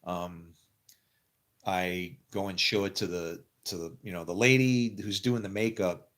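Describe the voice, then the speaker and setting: A middle-aged man telling a personal story in a casual, rambling way, often laughing and acting out what people said. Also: deep voice. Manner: rambling, animated, quick to laugh and quote people. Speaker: actor telling his faith story.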